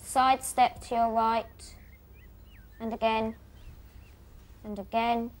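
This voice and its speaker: A woman's voice: on the high side, level tone. Young British girl calling out directions. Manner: quick, plain directions. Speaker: contestant guiding a blindfolded player.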